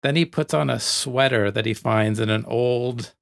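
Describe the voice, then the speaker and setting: A man co-hosting a movie podcast, talking in a relaxed, easygoing way. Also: mid-range voice, normal speed, creaky. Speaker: podcast co-host. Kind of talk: casual movie chat.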